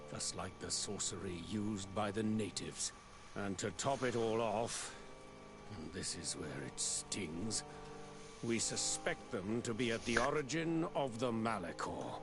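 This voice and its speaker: This is a proud video game bishop, who speaks in a slow, deliberate and sanctimonious way. His voice sits fairly low, with game music playing clearly underneath. Every line sounds sure of its own righteousness. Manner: stately, sanctimonious, measured. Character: proud zealous male bishop, suspicious of heretics.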